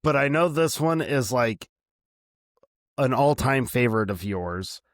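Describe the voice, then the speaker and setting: A man's voice: mid-range voice, unhurried, no echo. Chatty podcast guy, dry close sound. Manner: animated, laughs often, talks in long run-on thoughts. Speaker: podcast co-host. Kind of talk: casual chat.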